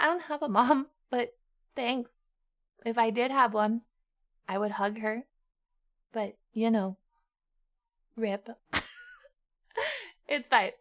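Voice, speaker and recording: A woman streamer chatting casually with her chat, dramatic and quick to swear. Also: a little high, steady tone, fairly bright tone.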